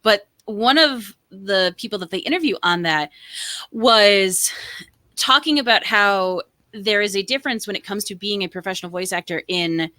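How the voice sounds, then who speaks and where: A woman's voice: medium pitch, normal speed, bright, forceful tone, dry recording. A woman co-hosting a casual art podcast, talking with eager enthusiasm and rambling asides. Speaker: podcast co-host. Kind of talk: casual chat.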